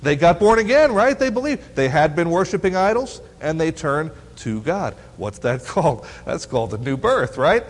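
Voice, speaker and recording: A man's voice: a little high, moderate pace, hardly any pauses. A man teaching a Bible lesson to teens, reading verses aloud and quizzing his listeners with playful questions. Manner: asks the audience questions, teasing and lively. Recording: long hall reverb.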